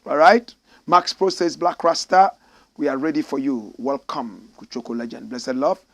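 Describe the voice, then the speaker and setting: A Ghanaian man hosting a live-streamed talk show, reading out viewer messages in a slightly croaky voice and breaking into loud exclamations. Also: mid-range voice, moderate pace. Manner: animated, bursts into loud exclamations. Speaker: show host. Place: studio in Accra.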